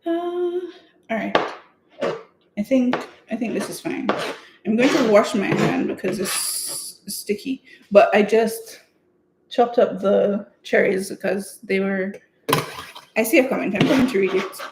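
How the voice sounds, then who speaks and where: A woman's voice: mid-range voice, measured pace, vocal fry. A woman chatting casually and telling rambling stories while baking at home on a live stream. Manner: chatty, rambling storyteller with laughs. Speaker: home cook vlogger. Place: home kitchen. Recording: echoey room, faint noise.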